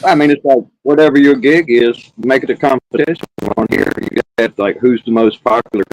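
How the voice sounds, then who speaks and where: A man's voice: medium pitch, fairly quick, darkish tone, a little hiss or hum, low-quality recording. A man guesting on a livestream panel, brash and boastful, swearing freely in casual chat. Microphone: streaming call mic.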